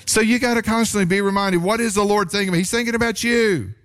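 A male pastor preaching a sermon, his voice jumping up on points of emphasis. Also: quick pace. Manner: animated preaching, pitch rising sharply on emphasis.

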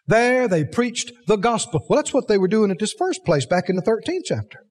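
A man's voice: high voice, very animated, brisk, a little mellow, long reverb tail. A man preaching a sermon, emphatic, asking the congregation rhetorical questions.

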